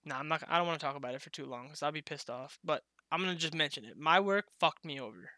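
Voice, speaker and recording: A young man talks loosely with a friend, rambling, laughing and cursing as he goes. His voice is very bright and smooth, a little higher than most men's. The sound is dry and close. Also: fast, no echo. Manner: laughs often, swears freely, rambling. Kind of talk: casual podcast chat.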